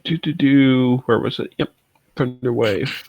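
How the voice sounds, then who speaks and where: A man playing a tabletop game, explaining rules in a halting, casual way. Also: medium pitch, darkish tone, no room sound, dull audio. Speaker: player.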